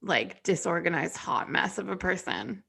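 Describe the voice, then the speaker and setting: A woman's voice: lowish voice, animated, moderate pace, vocal fry, bright, forceful tone, husky. A woman in her thirties co-hosting a podcast, chatting casually with a dry, blunt, sardonic manner. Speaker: podcast co-host. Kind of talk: casual chat.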